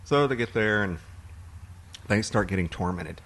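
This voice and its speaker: A man's voice: lowish voice, moderate pace, slight background noise. A man co-hosting a podcast, chatting casually and rambling about movies he has watched. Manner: relaxed, rambling storyteller. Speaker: podcast co-host.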